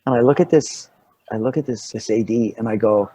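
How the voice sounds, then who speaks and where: A man's voice: mid-range voice, brisk, slightly rough, poor audio. A middle-aged actor telling a funny anecdote in casual conversation, acting out the voices of the people in his story. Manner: animated storyteller acting out dialogue. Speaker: actor guest.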